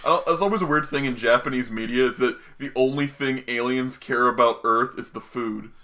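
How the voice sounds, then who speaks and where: A young man hosting a casual podcast, excitable and profane, drifting into rambling tangents. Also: medium pitch, fairly quick. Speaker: podcast host.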